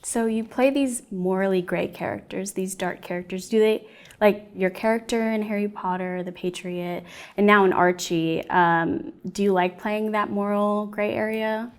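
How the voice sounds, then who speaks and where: A woman's voice: mid-range voice, fairly even intonation, normal speed, clear, resonant tone. A woman interviewing an actor, asking brief, encouraging questions. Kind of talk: conversational interview.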